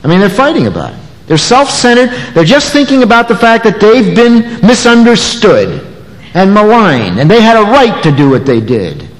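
A man preaching an expository sermon, animated, acting out the voices of the people in the passage. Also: high voice, normal speed. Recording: long echoey hall reverb.

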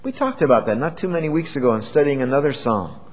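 A man preaching a sermon in an earnest, measured way, asking his listeners questions. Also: medium pitch, lively intonation. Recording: long hall reverb.

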